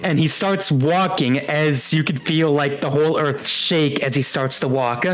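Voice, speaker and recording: A man's voice: fairly high pitch, fairly even intonation, a little slow, over music, rough recording. A young man narrating as game master of a tabletop game, rambling with many fillers.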